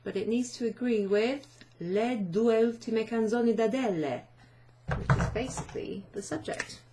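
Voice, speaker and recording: A woman's voice: fairly high pitch, moderate pace, background noise. A woman teaching a chatty, self-deprecating online language lesson, often asking learners questions.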